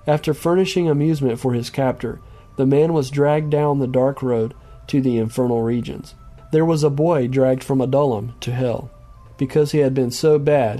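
A man reading a book aloud as narrator in a solemn, measured way. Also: mid-range voice, mellow. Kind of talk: audiobook reading.

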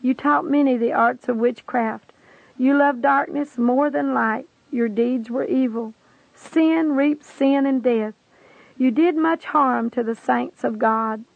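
Brief: a woman reading a solemn male Jesus, grave and measured, gravelly edge, tinny phone-like sound. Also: a little high, no echo. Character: solemn male Jesus, gentle but stern judge.

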